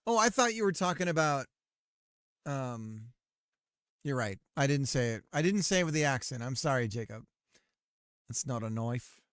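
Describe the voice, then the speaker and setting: A man's voice: mid-range voice, big pitch swings, moderate pace, a bit bright, clear, resonant tone, no room sound, studio quality. A man chatting casually on a live stream while building a game, joking, laughing often and reading error messages aloud.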